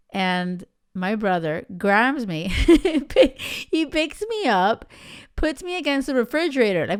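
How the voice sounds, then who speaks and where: A woman hosts a podcast, telling her own stories in a loose, chatty way and checking in with her listeners as she goes. Her voice is smooth and clear, sitting at a middling pitch. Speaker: podcast host. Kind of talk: casual storytelling monologue.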